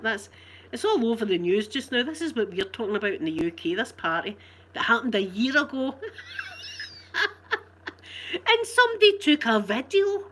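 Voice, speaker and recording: A woman's voice: on the high side, sing-song, moderate pace, long pauses, fairly bright tone. A woman with a Glasgow accent chatting casually with her live viewers, rambling and laughing often. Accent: Scottish, Glasgow. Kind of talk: casual live-stream chat.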